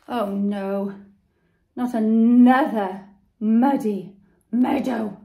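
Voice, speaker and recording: Slow, expressive woman storyteller. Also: mid-range voice, a little hiss or hum. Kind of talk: children's story read-aloud.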